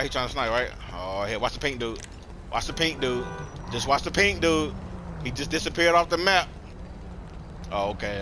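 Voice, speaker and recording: A man's voice: mid-range voice, background noise. A young man giving live gameplay commentary, slangy and trash-talking other players. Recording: loud game sounds under the voice.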